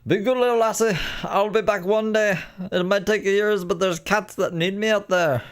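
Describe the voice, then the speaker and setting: Brief: man doing a doting mock-Irish cat lady, squeaky high and loud, sing-song. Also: fairly even intonation, moderate pace, clear, resonant tone. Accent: mock Irish, badly done.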